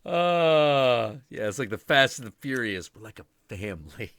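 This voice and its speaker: A man with a bright, forward voice chats casually on a stream, swearing freely and laughing as he tells his story. The sound is close and dry, with no room around it. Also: mid-range voice, measured pace, no room sound. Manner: animated, profane, laughing storyteller. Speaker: stream host. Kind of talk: casual chat.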